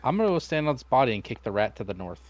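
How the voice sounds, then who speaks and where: A man's voice: medium pitch, very animated, rapid-fire, lo-fi sound, a little hiss or hum. A man playing a tabletop game, casually working through his dice math aloud. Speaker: player.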